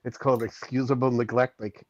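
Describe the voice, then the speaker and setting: A man's voice: mid-range voice, little pitch movement, a little fast, dry recording. Man, co-host, casual chat, easygoing, jokey, dull lo-fi sound, dry. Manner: easygoing, jokey, laughs often.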